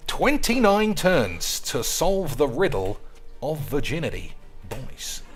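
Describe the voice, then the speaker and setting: A man drawls through casual gameplay commentary, teasing his viewers as boys and lads. His pitch swoops up and down constantly, and faint music plays beneath. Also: big pitch swings, takes it slowly, slightly rough. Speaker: streamer.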